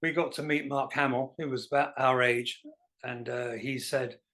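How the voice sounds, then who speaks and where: A man, a guest musician telling self-deprecating stories in a relaxed interview. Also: medium pitch, normal speed. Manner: animated anecdotal, self-deprecating. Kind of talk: casual storytelling interview.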